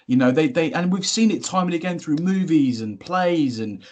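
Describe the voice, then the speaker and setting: A man's voice: fairly high pitch, animated, moderate pace, darkish tone, a little hiss or hum. A man hosting a podcast in casual chat, musing aloud, repeating himself and putting questions to his co-host.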